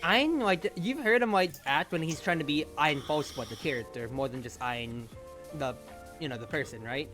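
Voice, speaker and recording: A streamer, chatting in a lively, teasing way over voice chat while gaming. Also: mid-range voice, moderate pace, music in the background. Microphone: home mic over voice chat.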